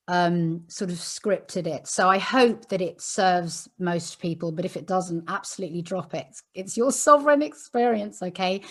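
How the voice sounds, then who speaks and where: A woman leading a live online meditation ceremony, explaining the steps slowly and soothingly and checking in with "okay?" over a video call. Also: mid-range voice.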